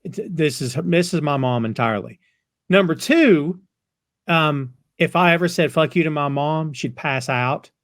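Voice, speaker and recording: A man co-hosting a podcast, telling a scene in a casual, lively way. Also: on the high side, a little slow, no echo, clean studio sound. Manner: animated storyteller who recaps scenes. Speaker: podcast co-host. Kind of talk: casual recap chat.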